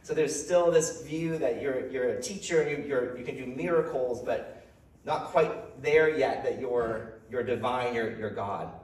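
A male pastor gives a relaxed, chatty sermon, often doubling back on his words. His voice sits at a middle pitch and sounds set back from the mic, with the room ringing around it. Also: unhurried, distant mic. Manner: conversational, repeats words as he goes, laughs lightly. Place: church hall. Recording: roomy hall sound from off-mic.

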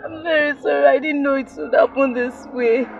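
A woman's voice: sits high, fairly even intonation, a little fast, creaky. An actress playing a tearful young woman begging her partner's forgiveness while crying in a film drama. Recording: dull lo-fi film audio.

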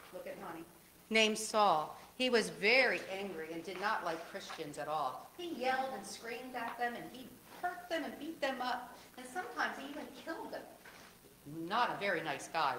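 A woman giving a children's sermon in church, telling a story gently and asking a child simple questions. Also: medium pitch, roomy sound, slight background noise, poor audio. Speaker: children's message leader. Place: church sanctuary.

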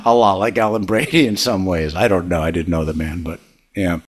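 An older man spins long, animated show-business anecdotes as a podcast guest, laughing along as he goes. His voice sits low and husky. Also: a little fast. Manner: animated, rambling storyteller, laughs often. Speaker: guest, comedy writer and producer. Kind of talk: casual anecdotal storytelling.

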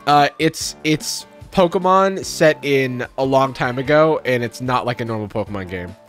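A man's voice: medium pitch, normal speed, fairly bright tone, faint music behind. A man hosting a live stream, chatting casually and jokingly while playing a game. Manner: chatty and jokey, lots of fillers. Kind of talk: casual gameplay commentary.

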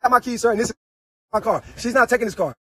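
Shouting man, high and rapid-fire. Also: husky, dry recording. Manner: shouting, repeating himself. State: frustrated. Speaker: homeowner arguing with police. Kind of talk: heated argument.

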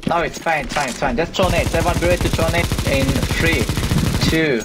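A man with a slightly high voice calls out team orders again and again, urgent and bossy, with a curse thrown in here and there. Loud gunfire and game noise crash behind him the whole time. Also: fairly quick. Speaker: player leading a team over voice chat. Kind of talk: shouted in-game team callouts.

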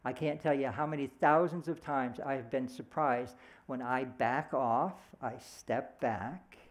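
A man's voice: mid-range voice, unhurried. A middle-aged man giving a sermon in a conversational, storytelling way, slipping into short voiced quotes. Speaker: speaker at a church service.

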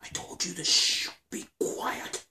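A man voicing a bossy, nervous male dinosaur scammer, in whispered role-play, hushing and scolding his partner. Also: a little high, very animated, slow, reverberant, slight background noise, exaggerated voice. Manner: hushed and scolding, then pleading.

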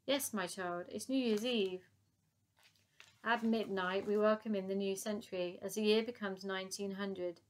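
A woman reading aloud, voicing an elderly queen who is weary but kind, in a measured, softly regal manner. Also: medium pitch, steady tone, close to an everyday voice.

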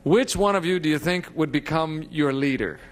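A man's voice: a little high, moderate pace. A man in his thirties hosting a 1970s TV game show, bouncy and chatty, laughing often. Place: TV studio with audience. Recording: noisy 1970s TV audio, studio audience.

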